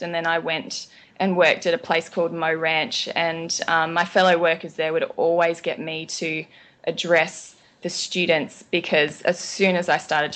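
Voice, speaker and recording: Australian woman, interview guest, lowish voice, chatty with frequent ums. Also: a bit bright. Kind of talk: casual interview chat.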